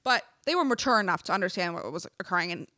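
A young woman telling a story in casual chat, animated and full of "like", swearing freely. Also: lowish voice, fast, no room sound, clean studio sound. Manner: animated, filler-heavy with constant "like", swears freely. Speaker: podcast co-host.

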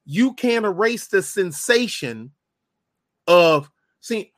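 A man's voice: high voice, big pitch swings, takes it slowly, no echo, clean studio sound. A man in a casual chat, emphatic and slangy, talking over memories with friends.

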